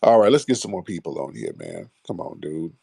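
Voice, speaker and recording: A man's voice: low-pitched, huge pitch swings, a little fast, creaky, mellow, slightly rough, no room sound, clean studio sound. Blunt, slangy male call-in host. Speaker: host of a call-in audio show. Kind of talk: live call-in talk.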